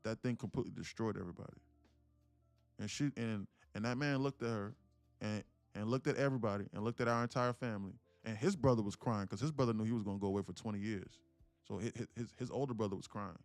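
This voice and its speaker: A man's voice: on the low side, quick pace, no echo. A man around thirty, live-streaming to viewers, who talks emphatically, repeats "listen, look" and swears casually while telling a heartfelt story. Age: about 30. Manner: emphatic, repetitive, keeps saying "listen, look". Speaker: day trading streamer. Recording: dry close mic with faint music behind.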